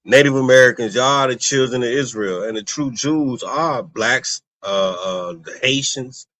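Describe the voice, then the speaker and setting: A man's voice: medium pitch, measured pace, fairly bright tone, dry recording. A man co-hosting a casual religious discussion, rambling and often checking in with his listener. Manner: rambling, keeps asking "you understand me". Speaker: co-host.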